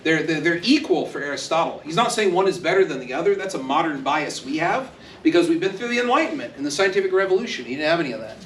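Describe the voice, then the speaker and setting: A man teaching a university class in a loose, joking way, slipping into little quoted voices. His voice sits a bit high for a man, and it sounds echoey, picked up from across the room. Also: expressive, quick pace, a bit bright, a little hiss or hum. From Texas. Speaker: university lecturer. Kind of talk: classroom lecture. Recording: echoey classroom, speaker far from mic.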